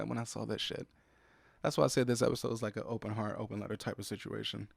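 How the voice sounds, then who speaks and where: In a casual solo podcast monologue, a young host rattles off profane, irritated complaints at a racing pace. His gravelly voice sits at a medium pitch, and the close-miked studio recording is clean with no echo.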